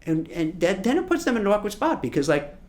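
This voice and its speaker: A man's voice: sits high, fast. A man who works as a recruiter, giving casual career advice and acting out imagined conversations. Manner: animated, acts out imagined dialogue.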